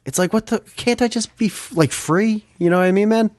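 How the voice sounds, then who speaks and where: A young man hosting a podcast, telling a story in a casual, excitable way, swearing and laughing often. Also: high-pitched, fairly quick, dry recording, clean studio sound. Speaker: podcast host.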